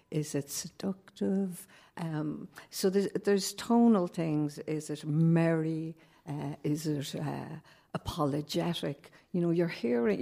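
A woman poet, not a native English speaker, talking thoughtfully on a panel with a measured, musing manner. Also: on the low side, vocal fry, warm tone. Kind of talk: reflective panel discussion.

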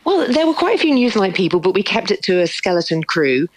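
A woman, a former news producer, telling her story as a radio guest, brisk and candid. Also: medium pitch, very animated, rough recording. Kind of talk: radio interview.

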